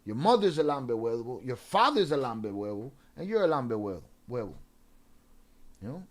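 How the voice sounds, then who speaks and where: A young adult man hosting a livestream, ranting profanely at commenters and mixing in Spanish slang. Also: high-pitched. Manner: profane, confrontational, talking back to chat. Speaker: livestream host. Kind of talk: casual livestream rant.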